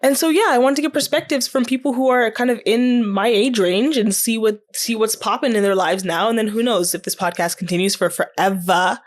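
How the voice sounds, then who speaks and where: A woman's voice: on the high side, fairly quick, hardly any pauses. A young adult woman hosting a casual podcast chat, playful and bubbly, laughing often. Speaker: podcast host.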